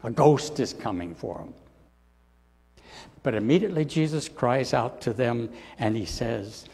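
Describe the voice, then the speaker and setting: A man preaches slowly and deliberately, with room in every pause. His delivery is dramatic and often sinks to soft, low endings. A long reverb trails each phrase through the church. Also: expressive, gravelly, husky. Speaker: pastor. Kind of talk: sermon. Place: church sanctuary.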